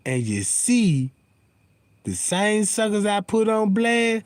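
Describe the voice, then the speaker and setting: This livestream host's voice sits high, and he talks slowly in a dry recording. Casual, rambling, and profane, he becomes heated and animated, continually checking whether his audience knows what he's getting at.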